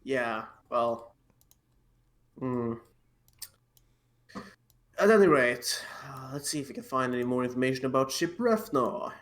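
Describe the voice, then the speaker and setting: A man's voice: medium pitch, expressive, unhurried, pauses often, a bit bright. A man playing a tabletop game, talking casually and stumbling over his words. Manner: hesitant, stumbling over words, laughs often. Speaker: player.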